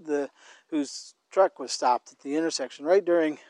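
A man's voice: on the high side, darkish tone, no room sound. A man chatting casually about faith and love, rambling and restarting often as he talks while walking outdoors. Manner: rambling, halting with many restarts. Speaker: co-host.

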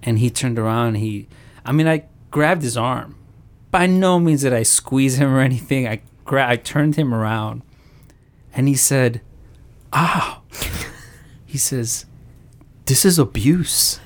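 A man's voice: mid-range voice, measured pace. A man in casual conversation, a father telling a story and acting out the dialogue. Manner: animated storytelling, acts out dialogue. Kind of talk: casual chat.

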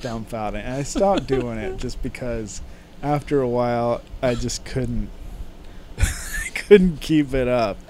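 Slow-talking man telling stories. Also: medium pitch, expressive, a little mellow, a little hiss or hum. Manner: rambling anecdotes, drawn-out delivery. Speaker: podcast guest. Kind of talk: casual chat.

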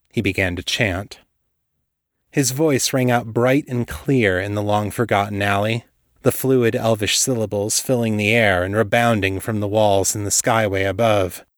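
Low-voiced man narrating a story. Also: no echo, studio quality. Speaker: podcast host and author.

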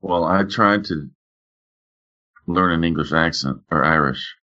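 A man's voice: low-pitched, unhurried, bright, forceful tone, muffled recording. A man hosting a casual podcast, laid-back and joking, laughing often and swearing casually. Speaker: podcast host.

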